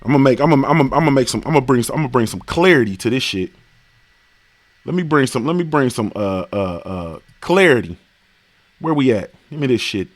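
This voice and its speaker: A man's voice: medium pitch, lively intonation, fast talker. A man hosting a boxing stream, ranting in a profane, casual way and firing off repeated rhetorical questions. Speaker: boxing show host. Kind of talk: live-stream rant.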